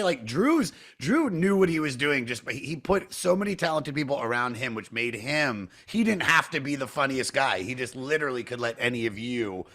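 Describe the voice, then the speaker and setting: A man's voice: medium pitch, pushed and bright. A man hosting a podcast, asking a guest questions in casual, enthusiastic talk with plenty of swearing. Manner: enthusiastic, profane, chatty. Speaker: podcast host. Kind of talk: casual interview chat.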